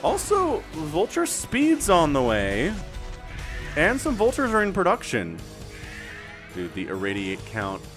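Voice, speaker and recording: A man doing solo play-by-play commentary on a strategy game, excitable and talking straight to viewers and players. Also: on the high side, slow, pauses often. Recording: music bed playing under the voice.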